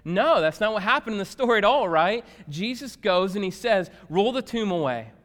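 Man, pastor, sermon, high voice, hushed-to-shouting delivery, long hall reverb. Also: sing-song, normal speed. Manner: swings from hushed to shouting for emphasis.

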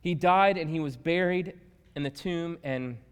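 Man, pastor, sermon, high voice, hushed-to-shouting delivery, long hall reverb. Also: unhurried, smooth. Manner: swings from hushed to shouting for emphasis.

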